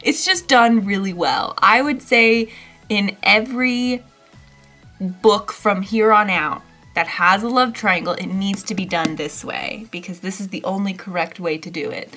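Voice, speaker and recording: A young woman chatting casually as she reviews a book, rambling a bit and filling her pauses with ums. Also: mid-range voice, sharp tone, soft background music. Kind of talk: casual chat.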